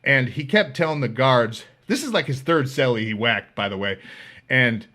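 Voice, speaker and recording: Brief: male podcast host, crisp bright tone, very animated delivery, loose and profane. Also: medium pitch, moderate pace. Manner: animated, swears freely, acts out quoted voices. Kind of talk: casual storytelling.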